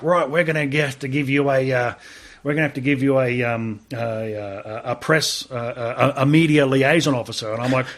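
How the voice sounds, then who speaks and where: An Australian man, a veteran guest on a podcast, telling a story casually, acting out the dialogue and swearing freely. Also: mid-range voice. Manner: swears freely, animated retelling with quoted dialogue.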